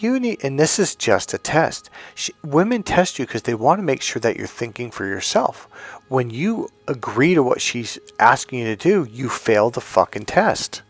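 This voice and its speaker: A man's voice: lowish voice, a bit bright. A middle-aged man talking as a dating coach in a blunt, profane, emphatic monologue, telling stories and acting out the people in them. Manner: blunt, profane, emphatic, tells anecdotes with quoted voices. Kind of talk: casual monologue.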